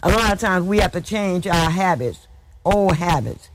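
A man preaching a sermon in a slow, measured way, often saying hallelujah and sometimes drifting into a sing-song lilt. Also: high voice, animated. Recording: noisy background hiss.

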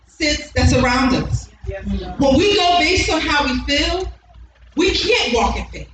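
A middle-aged woman preaching a sermon with emphasis, repeating key lines and chuckling between points. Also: high-pitched. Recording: echoey hall, distant mic, music underneath.

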